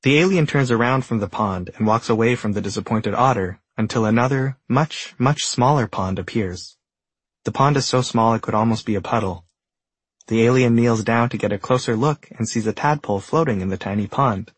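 A man narrating a whimsical story in a gentle, deadpan storybook manner, with a husky voice. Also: mid-range voice, fairly quick, dry recording. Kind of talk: scripted narration.

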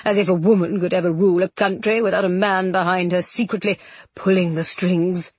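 A scheming nobleman sneers out slow, cold threats, as a woman narrator puts him on. The voice sits a little low with a husky grain. The read is close and dry. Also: fairly even intonation, no echo. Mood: menacing.

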